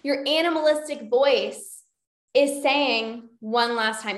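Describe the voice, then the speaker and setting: Speaking slowly in a slightly high voice, a binge eating coach hosts her podcast in a recording with roomy echo. She coaches casually and chattily, often checking in with "right?" and "like".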